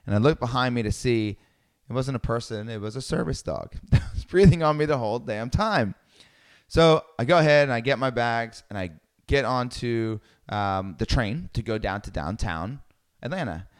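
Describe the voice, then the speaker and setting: A man telling a personal travel story in a lively way, acting out the people he quotes. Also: mid-range voice, normal speed. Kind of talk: storytelling talk.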